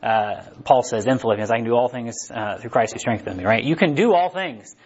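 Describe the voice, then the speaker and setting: A man preaching a relaxed, chatty sermon in a mid-pitched voice, often turning to the listeners with "right?". The sound is slightly dull and lo-fi. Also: fairly quick, breathy edge. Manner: conversational, asks "right?" often. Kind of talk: casual sermon.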